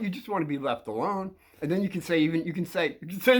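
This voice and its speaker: An older man with a slightly high voice talks straight to camera, giving kids advice in a loose, rambling way. He plays both sides of an imagined exchange and keeps cracking up as he tries to stay serious. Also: lively intonation, fast, hardly any pauses. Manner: keeps breaking into laughter, acting out both sides of a scene. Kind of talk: casual monologue to camera.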